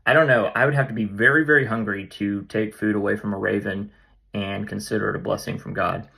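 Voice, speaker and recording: Playful bright-voiced man. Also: on the low side, steady tone, brisk, vocal fry, breathy edge. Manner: playful, jokey, slangy. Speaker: vlog host. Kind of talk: casual Bible study vlog.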